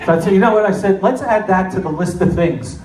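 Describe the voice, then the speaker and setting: A middle-aged man from New Jersey doing a stand-up comedy set with deadpan, self-mocking storytelling. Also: high-pitched, a little fast, recorded from a distance. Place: comedy club stage. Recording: echoey club with audience noise. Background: audience laughter.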